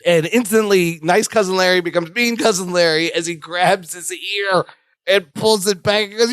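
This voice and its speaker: A man's voice: high-pitched, normal speed, a bit bright, smooth, dry recording. A man co-hosting a casual podcast, laughing often and acting out the characters' lines. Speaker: podcast co-host. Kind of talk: casual chat recapping a sitcom episode.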